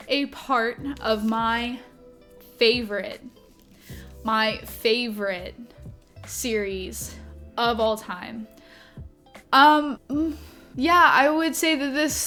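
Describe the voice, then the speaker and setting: A woman's voice: on the high side, fairly bright tone. A young woman reviewing her favorite books to camera, gushing and emotional, with lots of "like" and "um" fillers. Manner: impassioned, gushing, talks through tears; frequent "like" and "um" fillers. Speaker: book reviewer. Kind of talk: casual to-camera book review.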